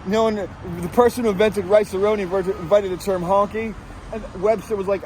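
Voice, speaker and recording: A man doing a satirical street report outdoors at night, rambling with crude deadpan jokes as he quizzes passers-by. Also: high voice, fast talker, slight background noise. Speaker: street vlogger asking passers-by questions. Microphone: handheld camera.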